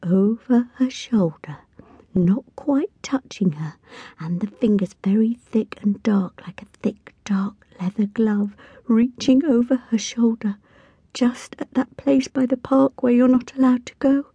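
A woman reading a young schoolboy who tells a spooky tale in a hushed, drawn-out way, for an audiobook. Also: on the low side, slightly rough, dry recording, muffled recording. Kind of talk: audiobook character voice.

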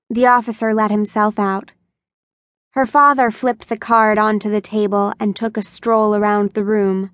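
A woman reading an unabridged young adult novel as audiobook narrator, in a measured, even manner. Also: medium pitch, no room sound, clean studio sound. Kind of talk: scripted narration.

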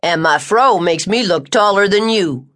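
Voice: medium pitch, lively intonation, measured pace, fairly bright tone. A woman reading a cocky teenage boy. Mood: joking.

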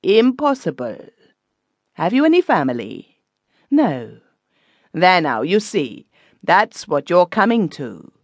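A woman's voice: lowish voice, big pitch swings, slow, long pauses, no echo, studio quality, full character voice. A woman doing a nosy scolding widow. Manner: scolding, preachy. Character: nosy, opinionated German widow.

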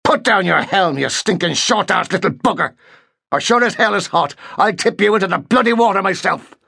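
A man's voice: sits high, lively intonation, fairly quick, bright, forceful tone, dry recording, clean studio sound, voice pushed up, exaggerated voice. A man voicing a hot-tempered Irish Marine lieutenant who growls and bellows orders, with an Irish accent. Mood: furious.

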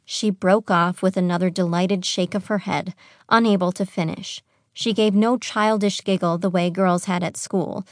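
A woman narrating a young adult fantasy audiobook in a measured, even storytelling manner on a close studio mic. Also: on the low side, no room sound.

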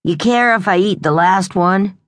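A woman's voice: medium pitch, moderate pace, no echo, pitched above the performer's own voice, natural voice. A woman reading the lines of a crude, dim-witted young male police officer with a whiny, needling manner.

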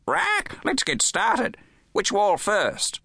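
A man voicing a chirpy, clever female macaw in an audiobook, in a high, squawky bird voice. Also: wildly swooping pitch, takes it slowly, gravelly, sharp tone, husky, dry recording, clean studio sound, full character voice. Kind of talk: audiobook character voice.

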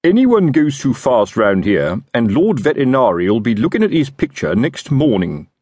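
A pompous, chatty city watch sergeant explains things with great self-importance, as a man puts him on. His delivery is lively and swoops up and down, with a slightly husky edge. The recording is dry and close. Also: mid-range voice, moderate pace, dry recording, pitched above the performer's own voice.

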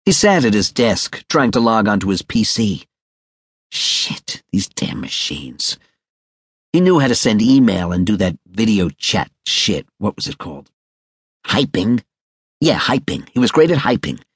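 A man's voice: on the low side, very animated, brisk, hardly any pauses, breathy edge, no echo. A man narrating a crime audiobook with a wry, sardonic delivery. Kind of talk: scripted noir narration.

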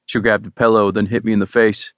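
A man narrating a first-person romance audiobook in a relaxed, wry way. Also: on the low side, quick pace, dry recording.

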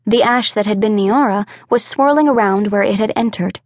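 This is scripted audiobook narration by a woman with a medium-pitched voice, delivered in a measured, expressive way. The recording is studio quality, free of any room sound.

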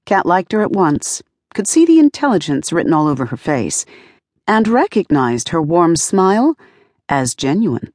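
A woman with a fairly low-pitched voice narrates an audiobook from a script, close to a studio mic. Her storytelling is measured and even, and the recording is dry.

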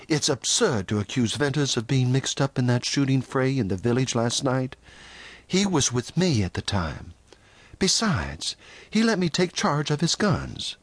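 A man reading the part of an earnest young ranch woman in a storybook western, speaking up with indignation. Her lines swing in pitch, and the sound is dry and close. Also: no room sound.

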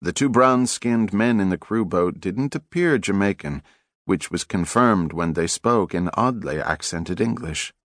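A man giving measured, dramatic scripted narration for an audiobook on a close studio mic. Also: low voice, lively intonation, fairly bright tone, dry recording.

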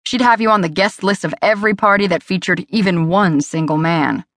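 A woman's voice: fairly low pitch, brisk, a bit bright, no echo. A woman narrator voicing a curt, guarded man who speaks in clipped, irritable lines in a storybook reading.

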